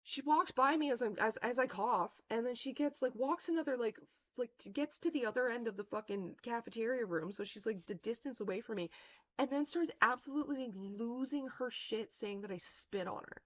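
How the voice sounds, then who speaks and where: A woman's voice: a little high, a little fast. A woman streamer telling a long story in a casual, rambling way, full of swearing and fillers. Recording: dull lo-fi stream mic.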